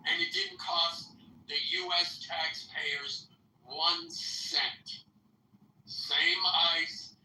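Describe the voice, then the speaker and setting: Brief: male talk host, slow delivery, bright voice, roomy echo. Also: sits high, vocal fry, far from the mic, a little hiss or hum. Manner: rambling, emphatic, with restarts. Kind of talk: political talk chat.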